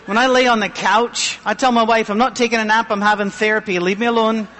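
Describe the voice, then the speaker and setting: Man, middle-aged, pastor, high thin voice, self-mocking jokes, funny sermon. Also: steady tone, fast talker, sharp tone, long reverb tail, a faint crowd, a little hiss or hum. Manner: self-deprecating, joking. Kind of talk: humorous sermon.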